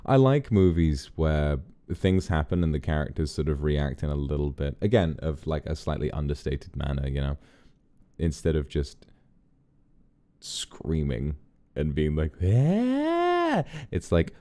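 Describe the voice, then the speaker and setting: A man's voice: extremely low pitch, a little slow, warm tone. A man hosting a stream, chatting and musing over a film as he watches it. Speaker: streamer host. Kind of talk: casual film watch-along commentary.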